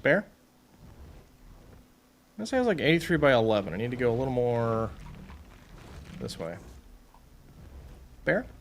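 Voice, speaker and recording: A man's voice: medium pitch, measured pace, pauses often, slight background noise. A man casually talking to himself while playing a creature-taming game, chatting to his animals and muttering over stats. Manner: chatty, talks to animals and himself, swings from muttering to excited squeals. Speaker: streamer. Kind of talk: casual gameplay commentary.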